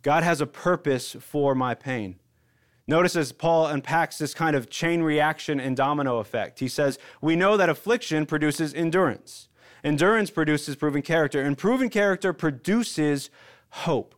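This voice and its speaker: A male pastor in his thirties delivering a sermon with a slightly higher voice than most men. He talks in an earnest, conversational way, swelling on key phrases and falling to a hush when he makes a point. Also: normal speed. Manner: earnest, conversational preaching with surges and hushed drops.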